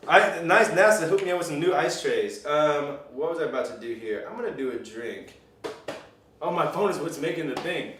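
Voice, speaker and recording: A man's voice: fairly high pitch, lively intonation, moderate pace, fairly bright tone. A man hosting a comedic mock-news show as anchor and bartender, rambling and swearing loosely while making drinks. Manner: rambling, profane, loose and joking. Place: bar. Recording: roomy, distant mic, faint noise.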